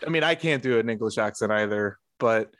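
A man's voice: on the low side, fairly quick, a bit bright, no echo, clean studio sound. A man co-hosting a podcast, chatting casually and laughing through his rambling asides. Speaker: podcast co-host. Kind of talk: casual chat.

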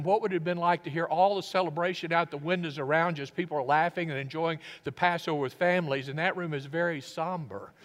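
A man preaching a sermon as a pastor, reflective and earnest, often dropping his voice low. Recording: long reverb of a large hall.

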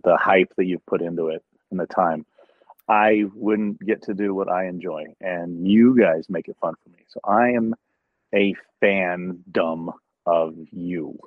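Deep husky man telling earnest stories. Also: fairly even intonation, a little slow, no echo, phone-quality sound. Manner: earnest storyteller who acts out conversations. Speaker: convention talent manager. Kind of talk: casual podcast chat.

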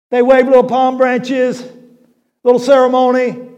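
Male pastor, middle-aged, very high pitch; folksy, emphatic sermon delivery. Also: normal speed. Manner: folksy storytelling preacher, rising to emphatic shouts.

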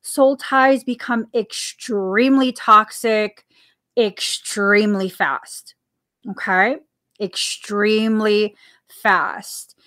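A woman's voice: mid-range voice, fairly even intonation, drawn-out words, sharp tone. A woman hosting a casual spiritual podcast, talking earnestly and repeating phrases for emphasis. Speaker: podcast host. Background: coffee sips between remarks.

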